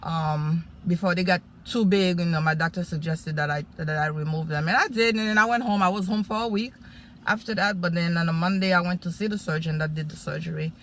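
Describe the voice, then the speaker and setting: A woman relates a personal testimony in a relaxed, conversational way. Her voice is bright and forward, and she keeps slipping into the voices of the people in her story. There is a faint hum of noise behind her. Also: lowish voice, a little fast. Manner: animated, acts out quoted speech, many fillers. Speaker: guest sharing a testimony. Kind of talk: casual storytelling.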